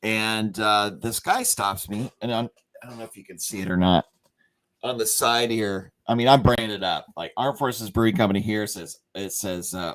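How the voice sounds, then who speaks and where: A man hosting a company livestream chats casually through a rambling story packed with fillers and restarts. He performs the quotes, swinging his pitch sharply for each line.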